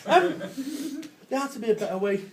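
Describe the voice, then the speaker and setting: A man with a Manchester accent gives a brash, joking motivational business talk at a live event. His voice sits high for a man, and he laughs and swears along the way. A faint noise runs under the recording. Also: sing-song, a little fast. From Salford, England. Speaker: business speaker.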